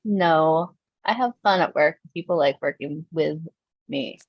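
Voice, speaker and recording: A woman's voice: deep voice, unhurried, no room sound, lo-fi sound. A woman casually chatting as a podcast co-host, laughing often and acting out quotes while she tells stories. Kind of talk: casual chat, storytelling.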